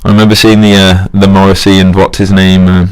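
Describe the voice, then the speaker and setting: A man's voice: deep voice, flat delivery, fairly quick, clear, resonant tone. A young man rambling through a casual solo monologue, self-mocking and chuckling at his own jokes.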